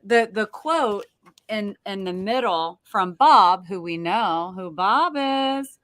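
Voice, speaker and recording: A woman's voice: mid-range voice, lively intonation, takes it slowly, a bit bright, dry recording. A woman co-hosting a casual talk show who is playful, laughs easily and chimes in often. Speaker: co-host.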